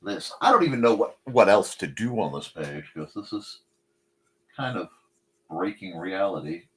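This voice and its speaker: A man's voice: sits low, sing-song, moderate pace, fairly bright tone. A man hosting a casual live stream, chatting while he draws and talking to his cats in a sing-song voice. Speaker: host.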